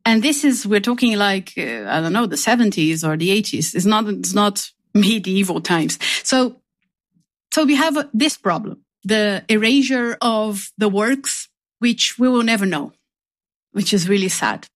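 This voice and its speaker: A woman's voice: mid-range voice, lively intonation, unhurried. A woman who is a guest on a radio interview, speaking in an earnest, reflective way that turns emotional.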